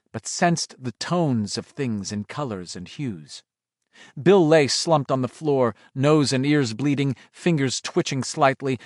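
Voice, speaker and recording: A man's voice: medium pitch, dry recording, studio quality. A man reading a horror audiobook aloud in dramatic scripted narration. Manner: dramatic, shifting delivery.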